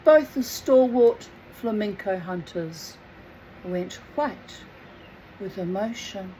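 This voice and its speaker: A woman's voice: medium pitch, lively intonation, takes it slowly, mellow, slight background noise, rough recording. A woman reading a book aloud, with chatty, self-mocking asides. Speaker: reader.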